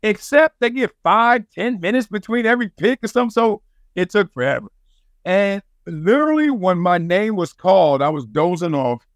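Man, 40s, Southern California accent, high voice, animated storyteller, laughs a lot, dry close sound. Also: moderate pace, no echo. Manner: animated, laughing storyteller who acts out quotes. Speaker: podcast guest, former NFL player and sports broadcaster. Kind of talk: casual storytelling interview.

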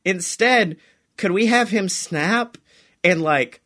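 A man's voice: sits high, animated, takes it slowly, sharp tone. A young man co-hosting a podcast in casual comedic chat, rambling, swearing and acting out little voices as he spins a story. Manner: rambling, swears a lot, acts out voices in quotes. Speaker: podcast co-host.

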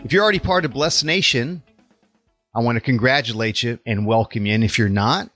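A man's voice: mid-range voice, a little fast, sharp tone, soft background music. A man with a Texas accent hosting a faith podcast interview, upbeat and welcoming. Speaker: podcast host and life coach.

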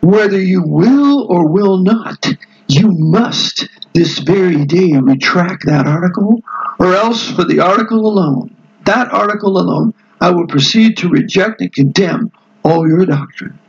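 A man voicing a stern, short-tempered male cardinal who speaks slowly and threateningly. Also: high-pitched, lively intonation, breathy edge, lo-fi sound, full character voice.

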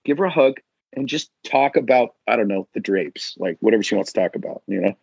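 A man's voice: fairly low pitch, animated, fast, creaky, a little mellow, breathy edge, no echo, lo-fi sound. A man talking as a podcast guest in casual chat, a firefighter and dad who acts out quoted voices and says dude and bro.

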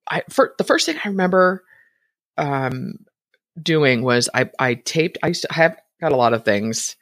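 A woman's voice: deep voice, lively intonation, normal speed, fairly bright tone, no room sound. Chatty woman podcast host, dry sound. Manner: chatty, laughs often, frequent "right?". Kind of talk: casual solo talk.

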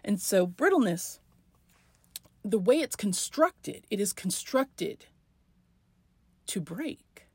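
A woman hosting a podcast, talking through her thoughts in a reflective solo monologue with many pauses and restarts. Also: mid-range voice, very animated, a little mellow, husky, dry recording. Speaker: podcast host.

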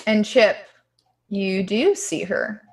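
A woman running a tabletop game as game master, calmly describing scenes. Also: medium pitch, slow, slightly rough, poor audio. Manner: calm, descriptive.

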